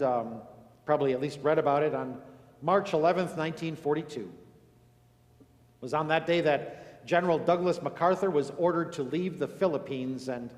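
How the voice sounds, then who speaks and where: A male pastor preaching a sermon earnestly, moving between emphatic lines and hushed, solemn ones. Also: fairly high pitch. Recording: echoey hall with long reverb.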